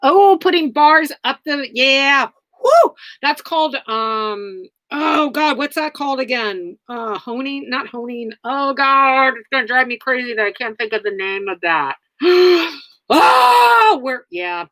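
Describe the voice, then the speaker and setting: A woman's voice: high-pitched, normal speed, hardly any pauses, bright, forceful tone, no room sound. A woman hosting a casual livestream, answering viewers in a blunt, rambling way with many fillers. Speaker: livestream host.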